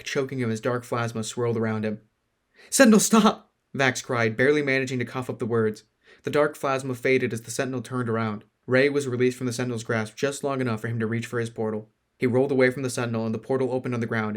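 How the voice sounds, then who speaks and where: A man reading a fantasy novel aloud at a slow, even storytelling pace. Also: medium pitch. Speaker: narrator.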